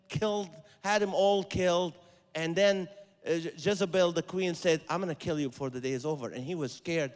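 A man with a high voice preaching a sermon in a church sanctuary, his words trailing off into a long hall reverb. He tells stories and acts out the voices in them. He swings from loud, emphatic exhortation down to soft, intimate lines. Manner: animated, rising to loud emphatic exhortation then dropping soft.

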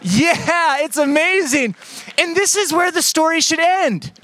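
A man preaching a lively sermon, joking with the crowd and acting out the story in voices. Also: very high-pitched, unhurried, no room sound. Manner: playful, animated storytelling with acted-out voices. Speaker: pastor. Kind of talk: sermon with audience skit.

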